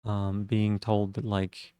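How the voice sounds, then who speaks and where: A man with vocal fry, musing thoughtfully in casual live-stream chat. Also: on the low side, completely flat delivery, slow, mellow, no room sound. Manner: thoughtful, musing, self-reflective.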